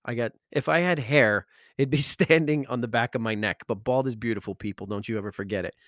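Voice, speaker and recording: A man's voice: medium pitch, fairly quick, fairly bright tone, no room sound, studio quality. A man, an author and speaker, telling his story with feeling, often stumbling over repeated words and laughing. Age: adult, father of school-age kids. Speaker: self-help author and speaker. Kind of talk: emotional personal storytelling.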